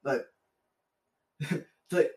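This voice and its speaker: A man's voice: very slow, darkish tone. A man hosting a podcast, reading historical dates and rambling in casual chat. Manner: rambling, many fillers, swears.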